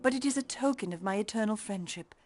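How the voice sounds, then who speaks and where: A woman voicing a gentle, grateful young cat-woman villager in a video game, speaking with formal, old-fashioned politeness. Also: medium pitch, quick pace, over music, lightly acted.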